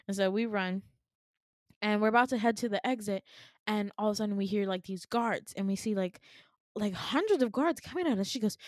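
A woman podcast co-host casually retelling a dream, animated, laughing often and full of fillers. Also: medium pitch, moderate pace, dry recording, clean studio sound.

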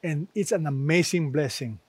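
A man preaching a sermon, slow and emphatic, repeating key phrases and quoting scripture. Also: fairly high pitch, a little mellow, breathy edge, no echo.

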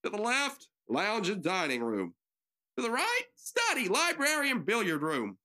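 A woman's voice: medium pitch, huge pitch swings, a little slow, pushed and bright. A nervous woman narrating stage directions for an amateur radio drama, giggling and making joking asides.

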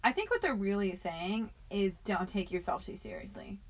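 A woman's voice: mid-range voice, very animated, normal speed. A young woman co-hosting a podcast, chatting casually and telling stories. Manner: chatty storyteller, acts out quotes. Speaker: podcast co-host. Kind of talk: casual chat.

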